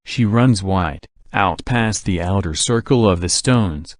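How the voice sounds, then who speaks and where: A man narrating an audiobook in a steady, even reading. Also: deep voice, slow pace, no room sound, clean studio sound. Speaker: audiobook reader. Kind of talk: scripted narration.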